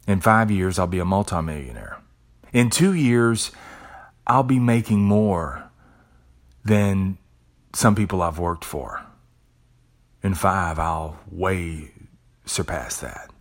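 A man hosting a podcast, giving a profane, preachy motivational monologue. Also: low voice. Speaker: podcast host.

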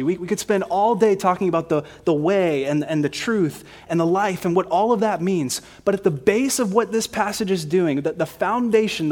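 Brief: male preacher, conversational and emphatic sermon delivery, slightly high voice, asks rhetorical questions. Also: darkish tone. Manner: conversational, emphatic, frequent repeats.

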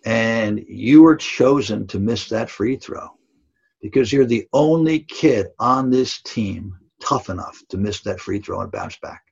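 Gravelly, earnest older coach. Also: male voice, on the low side, unhurried, darkish tone. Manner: earnest, emphatic, tag questions like "right?". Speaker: basketball coach. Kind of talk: storytelling in a podcast interview. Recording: dull lo-fi audio.

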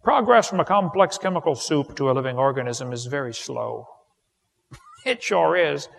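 A man delivers a seminar lecture in a gravelly, slightly raised voice, telling folksy stories that land on punchlines. His words ring with the long reverb of a large hall, as in a live seminar recording. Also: a little high, animated, moderate pace, a bit bright. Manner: folksy, joking storyteller who builds to punchlines. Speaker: creationist seminar speaker.

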